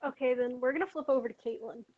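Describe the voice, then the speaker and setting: A woman running a tabletop game as game master, with brisk, matter-of-fact narration and rules calls. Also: sits high. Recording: muffled lo-fi mic with faint hiss.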